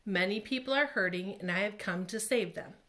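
A woman voicing God as a commanding male voice in a children's Bible story, speaking in slow, solemn pronouncements. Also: medium pitch, pushed and bright, lightly acted.

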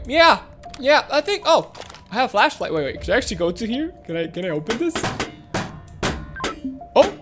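High-voiced excitable woman gaming host. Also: normal speed, long pauses, music in the background. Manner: excitable, talks to viewers as "guys", shrieks and repeats words under pressure. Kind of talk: let's-play game commentary.

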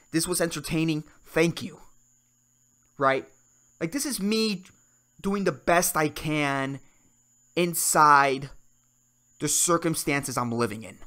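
This young male podcast host in Puerto Rico runs a solo comedy show packed with ranting and swearing, moving from heated outbursts to mumbled asides. He speaks with a fairly high pitch and a bright, forceful tone.

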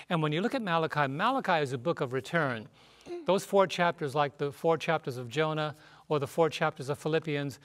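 Male panelist, bit high voice, preachy emphasis on quoted verses. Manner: emphatic, rises sharply when quoting scripture. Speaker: Bible study panelist. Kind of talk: Bible study panel teaching.

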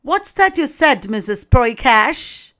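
A woman's voice: high voice, lively intonation, measured pace. A woman lecturer reading out the lines of a domineering, patronizing woman overseer from a play. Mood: scolding. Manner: domineering, scolding.

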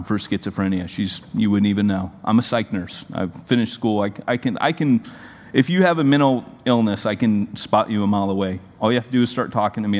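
A man in his forties, a pastor, giving a sermon in a conversational, animated storytelling manner. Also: lowish voice. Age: 40s. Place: church sanctuary. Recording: long reverb of a large hall.

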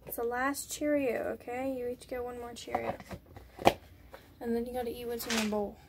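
High-voiced woman coaxing her pet rats. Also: little pitch movement, moderate pace, very noisy. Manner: coaxing, chatty, giggly. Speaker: pet vlogger. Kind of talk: casual vlog talking to pet rats. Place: indoors at a rat cage. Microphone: phone held up while filming.

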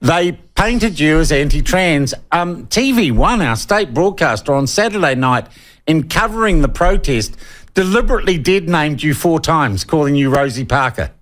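A man's voice: on the high side, animated, normal speed, a bit bright. A man hosting a talk radio show in an easygoing, conversational way. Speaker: radio host.

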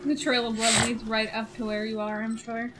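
A woman's voice: a little high, little pitch movement, normal speed, a bit bright, slight background noise. A woman co-hosting a let's play, tossing out teasing, dry jokes in casual banter.

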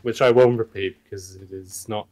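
A man's voice: fairly low pitch, steady tone, moderate pace, a little mellow. Rambling joking man on a stream. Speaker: streamer co-host. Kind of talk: casual stream chat.

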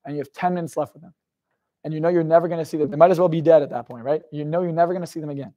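Young guy speaker on stage, slightly high voice, raw emotional storytelling, swears a lot, keeps asking the crowd stuff. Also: steady tone, racing, warm tone. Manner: intense personal storytelling, swearing, asks the crowd questions. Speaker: motivational speaker. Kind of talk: live motivational talk to an audience.

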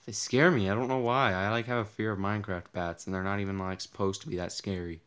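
A man's voice: on the low side, fairly even intonation, fast talker, fairly bright tone, smooth. A young man with a tired, partly lost voice, rambling through casual gameplay commentary, easily startled and joking at himself. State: losing his voice, tired. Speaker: gaming channel host. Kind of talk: casual Let's Play commentary.

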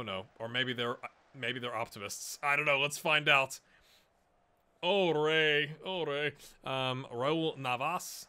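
A man's voice: mid-range voice, bright, forceful tone. A man casually commenting on his own football management game, chatty and self-mocking, urging his players on. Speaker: gaming YouTuber.

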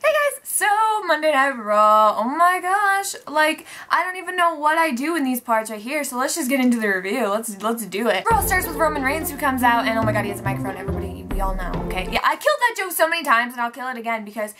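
Young woman, casual review vlog, sarcastic, excitable, swears a lot, higher voice. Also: fast, music in the background. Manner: excitable, sarcastic and profane, with lots of "like" and "oh my god". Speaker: wrestling show reviewer.

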